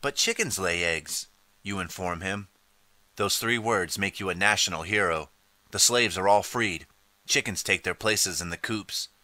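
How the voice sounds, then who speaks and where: A man narrates an interactive audiobook in steady second person, calling out page choices as he goes. His low voice sounds sharp and forceful, delivered at a moderate pace. The recording is dry and close, with no room sound.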